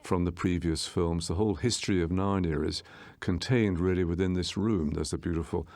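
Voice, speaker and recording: A man, the film's director, giving a measured, explanatory audio commentary with small restarts as he walks through scenes. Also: low voice, steady tone, a little mellow, no echo. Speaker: film director.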